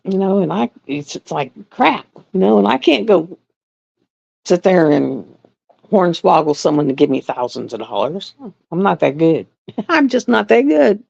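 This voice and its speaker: A middle-aged woman hosting a live stream in casual chat, blunt and repetitive, often quoting herself in an even higher voice. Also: a little slow, vocal fry. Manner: chatty, blunt, drawling, repeats herself. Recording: dry, dull lo-fi sound.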